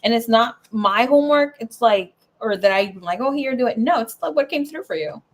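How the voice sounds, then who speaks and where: A young adult woman gives a casual tarot reading, chatty and emotional, swearing, laughing and tearing up as she talks. Her fairly high voice is expressive and moves at normal speed.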